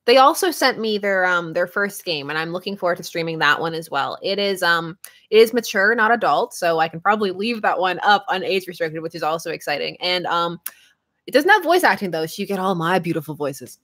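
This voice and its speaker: A young adult woman chatting casually with her stream viewers, lively and quick to laugh. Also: fairly low pitch. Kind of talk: casual live-stream chat.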